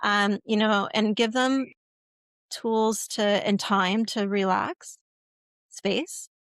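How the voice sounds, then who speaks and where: A woman's voice: mid-range voice, clean tone, dry recording. Chatty woman expert with dry sound. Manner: chatty, frequent "right?" and "okay?", acts out quoted lines. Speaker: guest expert on puberty education. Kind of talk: conversational podcast interview.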